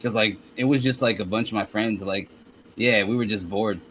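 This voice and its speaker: A man's voice: on the low side, fairly even intonation, normal speed, a bit bright, slight background noise, poor audio. A male guest in a casual interview who tells easygoing stories and often laughs. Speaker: guest, rapper.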